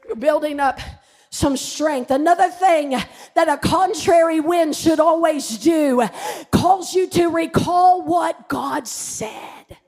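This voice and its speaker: A woman pastor preaching a sermon, mixing personal stories and humour with fervent passages that rise to shouted declarations. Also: extremely high pitch, takes it slowly.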